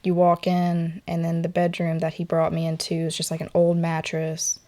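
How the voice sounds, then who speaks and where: A young woman tells a personal story in a soft, hesitant way, full of filler words. Her voice sits a little low and stays fairly level in pitch. She talks while posing in an artist's studio. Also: completely flat delivery, normal speed. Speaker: portrait model interviewee.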